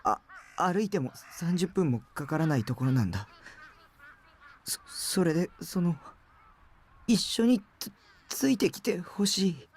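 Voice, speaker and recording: A timid shut-in teenage boy from a visual novel who stumbles over his words. He talks fast, stammering, with his pitch leaping up and down nervously. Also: animated, husky, full character voice. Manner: stammering, hesitant.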